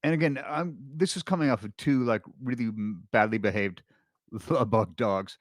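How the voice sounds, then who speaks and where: A man's voice: medium pitch, moderate pace, no echo, clean studio sound. A middle-aged man, a podcast guest, telling a long personal story in casual chat, rambling with restarts and fillers.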